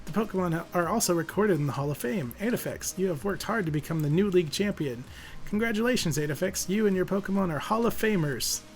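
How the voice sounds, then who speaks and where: A man putting on a high, slow old professor. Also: expressive, soft background music. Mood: solemn. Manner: slow, sing-song congratulating. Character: elderly male professor, proud and grandfatherly.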